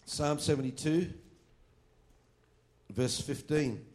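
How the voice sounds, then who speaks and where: A man preaching a sermon on worship. He reads scripture aloud slowly and firmly and drops into quiet asides. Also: on the high side.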